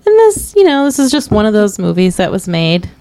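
Woman podcast cohost, laid-back chat about movies, laughs a lot, mid-pitched voice. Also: big pitch swings, a little fast, warm tone. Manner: chatty, laughs often. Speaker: podcast co-host.

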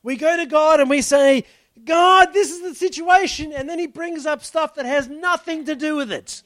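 A man's voice: very high-pitched, moderate pace, fairly bright tone, no room sound. A man, a pastor giving a conversational sermon, explaining the text and asking his listeners questions. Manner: chatty, explains the text and asks the congregation rhetorical questions.

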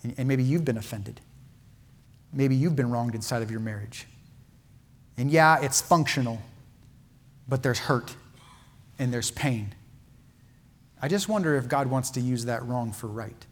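A medium-pitched male pastor preaches unhurriedly and with feeling, leaving long pauses. He shifts from loud, emphatic peaks to quiet, hushed lines.

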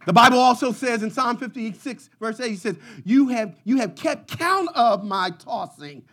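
A man preaching a sermon, dropping to quiet low passages and rising to shouted peaks, repeating phrases in rhythmic runs. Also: animated, moderate pace.

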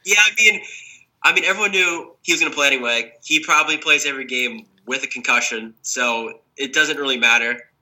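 Rambling young man, bright, under the weather. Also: mid-range voice, fairly quick. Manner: rambling, lots of "like" and restarts. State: sick, may cough. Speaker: podcast co-host. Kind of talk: casual sports chat.

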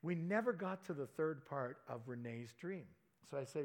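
A man's voice: on the high side, a little fast, creaky. A man preaching by telling a personal story, chatty and anecdotal, with self-deprecating asides. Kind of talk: sermon storytelling.

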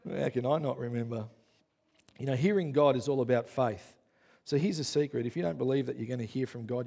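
A man preaching in a relaxed, conversational way, nudging his listeners along with encouragement. He sounds like a pastor talking to a church group rather than orating. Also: medium pitch, a little fast. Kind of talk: sermon with congregation sharing.

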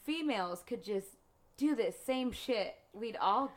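A woman's voice: a little high, expressive, unhurried, a crowd in the background. A woman co-hosting a podcast, chiming in and teasing in casual chat. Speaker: podcast co-host.

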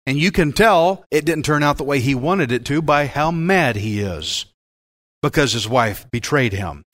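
A man preaching a Bible-teaching sermon as pastor, in a folksy, joking and animated way. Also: mid-range voice, measured pace.

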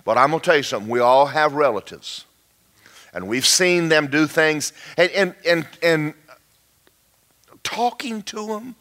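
Animated preacher man with a bright tone. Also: measured pace, pauses often. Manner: animated, swings between loud emphatic lines and low quiet asides; folksy, acts out little dialogues. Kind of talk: sermon.

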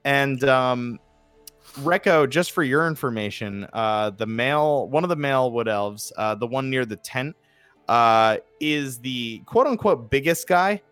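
A man's voice: medium pitch, lively intonation, unhurried, a bit bright, clean tone, no room sound, soft background music. A man with a New Jersey accent running a tabletop game as game master, chatty and laughing, with lots of fillers.

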